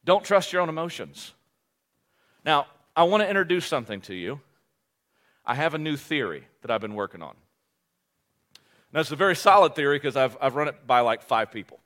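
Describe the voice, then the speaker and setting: A male pastor preaching a sermon, animated and joking at his own expense, often restarting his phrases. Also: fairly high pitch. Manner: animated, joking, self-deprecating, with quick restarts.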